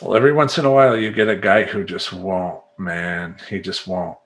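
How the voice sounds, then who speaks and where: A man's voice: deep voice, fairly even intonation, moderate pace, fairly bright tone, a little hiss or hum. A man talking as a life coach in a rambling, emphatic monologue, acting out his clients and making sound effects. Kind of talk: casual monologue to camera.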